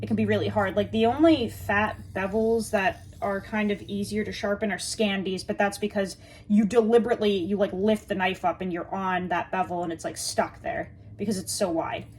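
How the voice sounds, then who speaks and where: A woman's voice: medium pitch, steady tone, normal speed, a little mellow, slight background noise. A woman reviewing a knife in a casual, chatty way, joking and talking straight to her viewers while she sharpens at her workbench.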